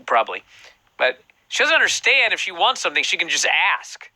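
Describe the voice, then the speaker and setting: A man hosting a casual podcast, talking with a very bright, forward tone and lively pitch. He tells stories animatedly, swearing freely. The sound is dry and close. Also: brisk, no room sound, poor audio. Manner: animated, profane storytelling. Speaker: podcast host. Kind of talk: casual chat.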